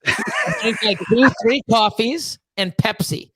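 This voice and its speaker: A man with a notably high voice hosts a live chat stream, swearing freely and telling stories with lots of animation. He laughs often mid-sentence and mimics the people in his stories. The sound is dry and close. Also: takes it slowly, slightly rough, dry recording. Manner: profane, animated storytelling; acts out quoted exchanges with voice changes. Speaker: host of a reptile-keeping live show.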